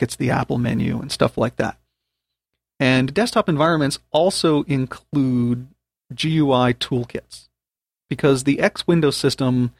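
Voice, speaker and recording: A man's voice: mid-range voice, gravelly, no room sound. A man hosting an audio tutorial, patiently spelling out computer commands step by step. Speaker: podcast host teaching a topic. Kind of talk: spoken tutorial.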